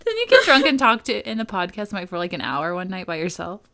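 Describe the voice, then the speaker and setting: A woman's voice: mid-range voice, wildly swooping pitch, fast talker, fairly bright tone, a little hiss or hum. A young woman co-hosting a podcast, playful and teasing, often apologizing between quips. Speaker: podcast co-host. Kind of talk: casual chat.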